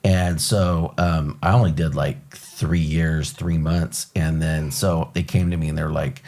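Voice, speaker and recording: A middle-aged man hosting an interview, telling a story with lively acted-out quotes. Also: rumbling low, a little slow. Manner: animated storyteller, acts out quotes. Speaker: podcast host.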